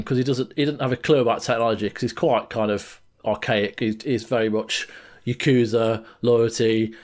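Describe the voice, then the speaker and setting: A man's voice: medium pitch, a little fast. A man co-hosting a podcast, retelling a game scene with lots of laughter and restarts. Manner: laughs while telling a story, trails off and restarts. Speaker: podcast co-host. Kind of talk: casual chat, animated retelling.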